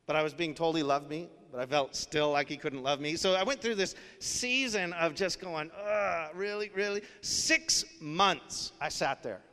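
High-voiced preacher man in a reverberant hall. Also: normal speed, hardly any pauses, bright, forceful tone. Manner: earnest, conversational preaching with casual fillers. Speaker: pastor. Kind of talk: sermon.

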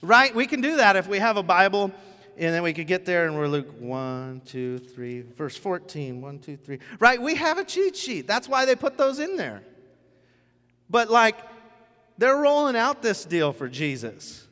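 Man, pastor, casual joking sermon, animated asides, slightly high voice, echoing church hall. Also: unhurried. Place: church sanctuary. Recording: church hall with long reverb.

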